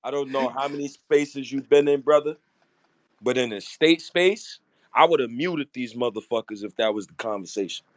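A man's voice: medium pitch, normal speed, no echo. A man hosting an online audio space, talking heatedly and profanely in casual chat. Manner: animated, profane, teasing. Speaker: host of a fan audio space.

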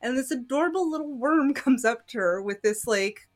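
A woman in her thirties talks through a movie's story with animated energy. Her voice sits on the higher side, and her speech is casual and peppered with "like". It sounds like a relaxed podcast chat between friends. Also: moderate pace, soft background music. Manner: animated plot retelling, frequent "like". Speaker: podcast co-host.

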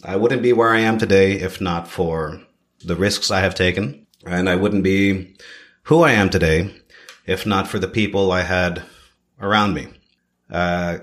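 Man, 30s, from Canada; low-pitched, expressive guest chef, repeats phrases for emphasis. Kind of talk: podcast interview.

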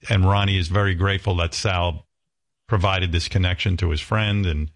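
A man's voice: sits low, steady tone, moderate pace. A man hosting a radio talk show, blunt, sarcastic and swearing freely.

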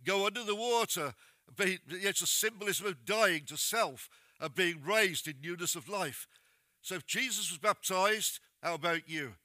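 A man preaches a sermon in a high, very bright and ringing voice. He is plain-spoken and direct as he urges his listeners on. The sound is close and dry. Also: measured pace, dry recording.

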